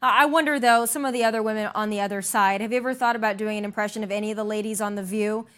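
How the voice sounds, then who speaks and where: A woman's voice: medium pitch, steady tone, racing, clear, resonant tone. A woman hosting a political talk show, with an upbeat, punchy delivery. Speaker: host.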